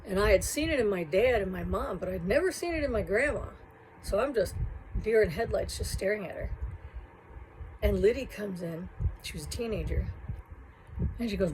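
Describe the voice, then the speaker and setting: A woman telling a personal childhood story in a reflective, halting, emotional way. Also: mid-range voice, expressive, a little mellow, a little hiss or hum, poor audio.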